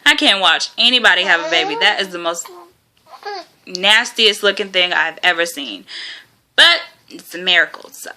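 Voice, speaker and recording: A woman's voice: on the low side, animated, moderate pace, pauses often, crowd noise. A young woman vlogger telling a rambling story in a casual, chatty way, with lots of fillers and frequent laughter.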